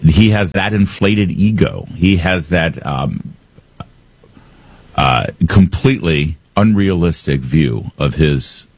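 Low, husky, sarcastic talk radio man. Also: animated, slow pace, no echo. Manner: sarcastic, combative. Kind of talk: opinionated political commentary.

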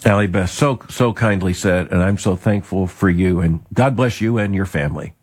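Guest, man, husky voice, restarts that give way to firm conviction. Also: sits low. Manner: halting restarts, then forceful conviction. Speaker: podcast guest. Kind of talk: conversational commentary on faith.

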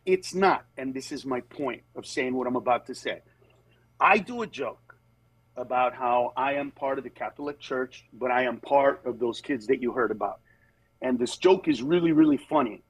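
A man's voice: moderate pace, slightly rough, dry recording, poor audio. A man who works as a comedian, telling stories in a candid conversation and acting out the people in them. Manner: animated storyteller, acts out voices with big pitch jumps. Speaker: comedian guest.

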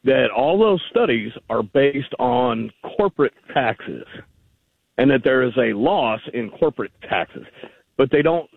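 Male caller, gravelly, argumentative, tinny phone line, dry. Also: medium pitch, lively intonation, measured pace, no room sound. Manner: argumentative, rambling. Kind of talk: call-in conversation.

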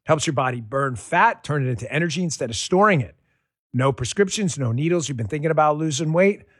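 A middle-aged man pitches a product in a folksy, emphatic radio ad read. His voice sits a bit high, and the recording is dry and close. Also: animated, fairly quick, fairly bright tone, breathy edge, no room sound. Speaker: product endorser.

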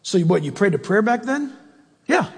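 A man preaching a sermon in a church, animated and emphatic, firing rhetorical questions at the congregation. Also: high-pitched, moderate pace, breathy edge, in a large hall. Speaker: pastor.

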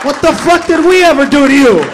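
A man doing a profane, brash stand-up routine, with loud shouted bursts. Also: very high-pitched, quick pace, noisy background. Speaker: stand-up comedian.

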